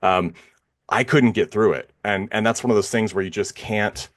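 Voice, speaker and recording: Man, very low voice, podcast co-host, casual rambling film talk, lots of fillers. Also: normal speed. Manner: rambling, many fillers and restarts. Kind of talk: casual film review chat.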